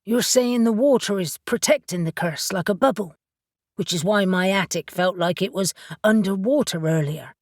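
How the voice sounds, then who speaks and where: A woman's voice: medium pitch, moderate pace, no echo, clean studio sound, close to an everyday voice. A woman narrating an audiobook voices a blunt, sarcastic young male witch who swears freely. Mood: questioning. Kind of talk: audiobook character voice.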